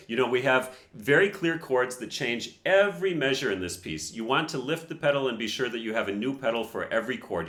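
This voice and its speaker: A man's voice: mid-range voice, fairly bright tone, roomy sound. A man reviewing a piano performance and teaching technique in a casual, explanatory way, counting beats aloud.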